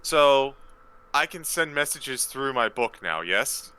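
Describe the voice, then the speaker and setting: A man's voice: medium pitch, animated, slow pace, bright, forceful tone, clear, resonant tone, low-quality recording. A man playing a tabletop game, asking curious questions. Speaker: player. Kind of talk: casual tabletop play.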